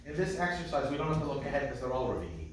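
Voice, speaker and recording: A man's voice: medium pitch, big pitch swings, very fast, noisy background. A man teaching a trope class as cantor, who speaks patiently and chants the phrases. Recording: echoey room, mic at a distance.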